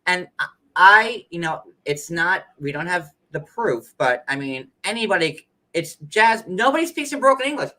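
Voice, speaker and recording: Man, bright tone, rambling casual host, filler-heavy talk. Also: sits high, sing-song, moderate pace, rough recording. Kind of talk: casual live chat.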